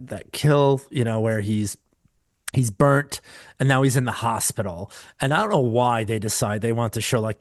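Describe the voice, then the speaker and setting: Animated man telling stories on a podcast. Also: mid-range voice, no echo, clean studio sound. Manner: animated storyteller, acts out quotes, laughs often. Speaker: podcast co-host. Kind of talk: casual chat.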